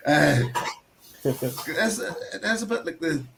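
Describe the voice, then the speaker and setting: A man's voice: fairly high pitch, animated, slow, creaky, fairly bright tone, slight background noise. A man with a Northern Irish accent hosting a casual whisky chat on a video call, rambling and laughing often. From Northern Ireland. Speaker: host of online whisky tasting.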